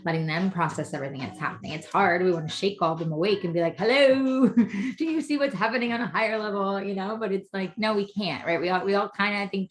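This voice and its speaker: A woman in her thirties talking casually about parenting, rambling with many fillers. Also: lowish voice. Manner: rambling, heavy on "you know" fillers. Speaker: guest mother. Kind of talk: casual conversation.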